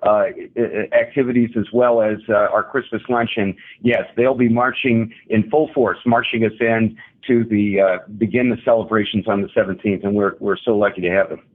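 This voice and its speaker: A man calling in as a guest to a radio interview, upbeat and halting, with lots of restarts. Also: lowish voice, steady tone, husky. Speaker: club president, guest. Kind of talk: radio interview over the phone. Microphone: phone. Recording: tinny phone line.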